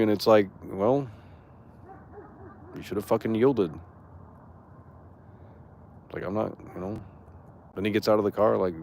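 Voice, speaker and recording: A man's voice: lowish voice, steady tone, normal speed, pauses often, darkish tone, slight background noise. A young man streamer ranting to his chat in a rambling, profane, indignant way. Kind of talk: casual rant to chat.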